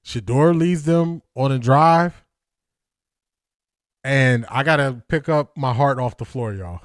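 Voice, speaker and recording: Excitable, breathless male stream host, mid-pitched voice, dry close sound. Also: takes it slowly, no room sound. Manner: excitable, laughing, addresses viewers as y'all. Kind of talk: live watch-party commentary.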